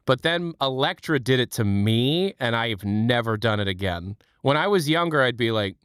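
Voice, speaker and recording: Smooth-voiced, chatty male streamer. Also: mid-range voice, lively intonation, a little fast, few pauses, fairly bright tone, no echo, studio quality. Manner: chatty, joking, swears, laughs often. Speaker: livestream host. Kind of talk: casual chat.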